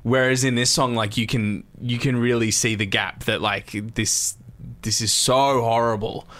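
A man's voice: medium pitch, steady tone, a little slow, a bit bright. A man co-hosting a casual music podcast, talking thoughtfully about songwriting. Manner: thoughtful, analytical about songs. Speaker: podcast co-host. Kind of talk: casual chat.

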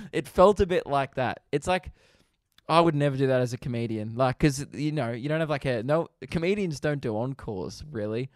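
An animated young Australian man tells a comedy story on his podcast, breaking into laughter and little whoops along the way. His voice sits at an ordinary male pitch. The recording is close and dry, with no room sound. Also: normal speed, dry recording. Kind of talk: casual storytelling monologue.

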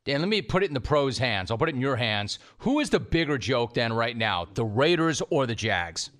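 A man hosting a casual sports talk show, talking in a quick, assertive way and often repeating himself. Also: medium pitch, sing-song, fairly bright tone.

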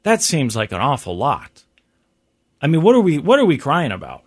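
A man's voice: on the high side, huge pitch swings, moderate pace. A male radio host chatting casually and reading out survey figures.

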